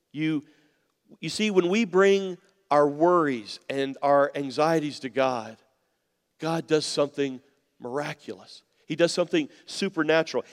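Earnest preacher in a reverberant hall. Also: male voice, a little high. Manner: earnest, drops to a soft near-whisper on key words. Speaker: pastor. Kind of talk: sermon.

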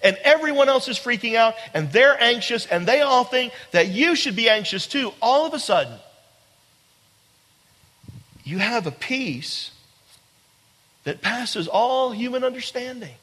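Pastor guy preaching, keeps repeating himself and talking right to the crowd, high voice, big hall reverb. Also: lively intonation, normal speed, few pauses, sharp tone. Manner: emphatic, repeats phrases, asks rhetorical questions; speaks directly to the congregation. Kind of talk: sermon. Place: large room with a congregation.

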